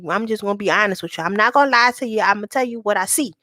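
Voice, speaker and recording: A woman giving a live tarot reading to viewers, speaking candidly and reassuringly, reading card meanings slowly and calling people sweetheart. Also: mid-range voice, sharp tone, no room sound, clean studio sound.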